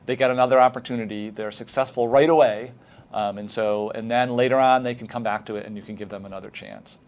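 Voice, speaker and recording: A middle-aged man giving a recorded training lecture for teachers, talking in a relaxed, explanatory way with frequent fillers. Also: mid-range voice, fast talker.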